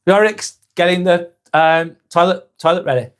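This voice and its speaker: A man's voice: sits high, normal speed, clear, resonant tone. A man hosting a live stream, reading viewers' chat aloud and answering in a blunt, casual way with plenty of swearing. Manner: blunt, swears freely, reads comments aloud and answers them.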